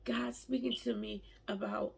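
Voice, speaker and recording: Woman talking about her faith to her viewers, raspy, a bit of fry, emotional and stumbling over her words. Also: fairly high pitch, little pitch movement, unhurried, darkish tone. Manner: emotional, heartfelt, stammering restarts. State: tearful at times. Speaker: vlogger. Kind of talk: personal faith vlog.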